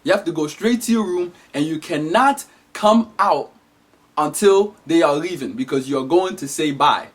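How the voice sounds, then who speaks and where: A man delivering an animated, emphatic comedic monologue as a vlogger. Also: fairly high pitch, moderate pace, husky.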